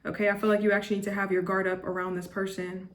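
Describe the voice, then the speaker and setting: A woman reading tarot cards in a loose, rambling way, circling back on her words and sprinkling in fillers. She turns blunt and judgmental about the people in the cards. A faint hiss sits under her mid-pitched voice. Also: little pitch movement, very fast. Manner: chatty, repetitive, with frequent restarts and "like". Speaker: tarot reader. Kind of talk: casual tarot reading to camera.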